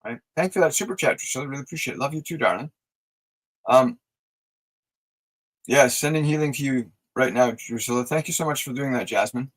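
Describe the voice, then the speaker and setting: A man hosting a live stream of spiritual guidance, talking softly and slowly as he leads breathing exercises and answers viewer messages. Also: mid-range voice, low-quality recording. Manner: soft, slow, soothing guided instructions; reads viewer messages aloud and answers them. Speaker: psychic reader and host.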